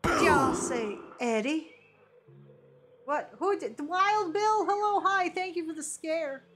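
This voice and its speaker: Brief: giggly woman streamer, unhurried delivery, reads game dialogue aloud. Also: very high voice, a bit bright, soft background music. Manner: giggly, reads game lines with quick reactions. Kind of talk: live game playthrough, reading dialogue aloud.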